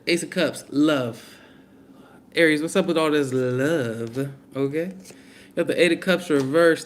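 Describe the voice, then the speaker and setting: A man's voice: on the high side, slight background noise. Blunt, slangy young man reading tarot. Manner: blunt, slangy, talks straight to viewers. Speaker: tarot reader. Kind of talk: casual live tarot reading.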